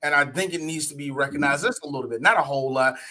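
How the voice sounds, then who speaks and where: A man co-hosting a podcast in casual chat, animated and profane, often laughing as he rants. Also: on the high side, quick pace, background noise. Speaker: podcast co-host. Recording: audio podcast.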